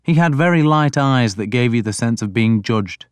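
A man giving a deliberate, even first-person audiobook narration. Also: medium pitch, clear, resonant tone, dry recording.

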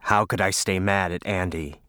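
A man reading a first-person story aloud in a measured, low-key way. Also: fairly even intonation, bright, forceful tone, no room sound, studio quality. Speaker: audiobook narrator. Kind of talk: scripted first-person narration.

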